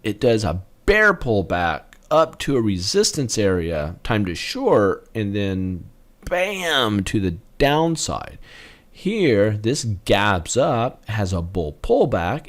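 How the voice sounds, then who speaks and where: A man teaching trading patterns as he walks through charts, animated and punctuating price moves with sound effects. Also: fairly low pitch, slow pace. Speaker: trading educator. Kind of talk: chart walkthrough lesson.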